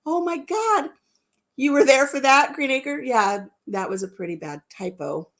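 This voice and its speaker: A woman's voice: a little high, expressive, moderate pace. A woman hosting a casual livestream chat, giggling often and repeating herself as she talks. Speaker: livestream host.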